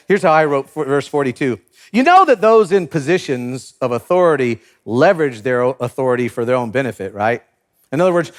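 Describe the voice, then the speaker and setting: Male pastor, sermon delivery; high voice, very expressive swings in pitch, playful and chuckling. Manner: animated, acts out biblical characters with comic voices; laughs often while preaching.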